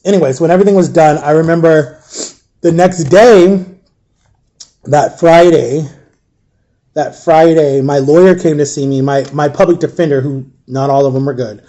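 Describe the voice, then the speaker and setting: Shaken man with a mellow, halting voice. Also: on the high side. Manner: halting, full of fillers and restarts; emotionally shaken, subdued. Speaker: storyteller recounting a personal ordeal. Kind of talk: candid personal account.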